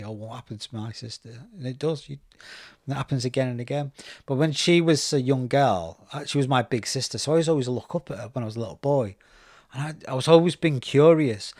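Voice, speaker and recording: Animated man telling stories. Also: mid-range voice, dry recording, clean studio sound. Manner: animated storytelling, acts out quoted voices. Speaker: podcast host. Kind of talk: casual interview chat.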